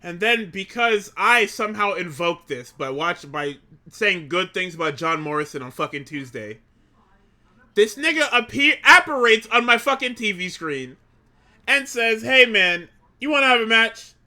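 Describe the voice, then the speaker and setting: A man with a very bright, cutting voice that sits a little high. He talks in casual podcast chat, excitable and profane, and breaks into laughter often. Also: a little slow. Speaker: podcast co-host.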